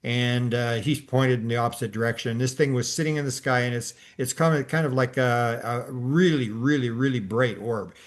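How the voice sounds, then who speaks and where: A man's voice: medium pitch, steady tone, normal speed, hardly any pauses. An older man hosting a podcast, telling a long story in a casual, rambling way with many restarts and fillers. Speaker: podcast host.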